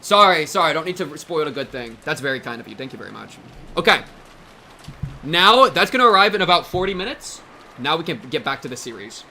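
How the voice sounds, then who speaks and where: A man in his twenties chatting casually with his stream chat, excitable and jokey, breaking into loud yelps and shouts. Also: a little high, a little fast, slight background noise. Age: 20s.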